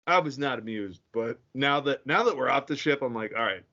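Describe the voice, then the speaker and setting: A man co-hosting a podcast, chatting casually and dropping wry, quick interjections. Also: medium pitch, sharp tone. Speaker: podcast co-host. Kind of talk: casual chat. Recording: dull, lo-fi podcast audio.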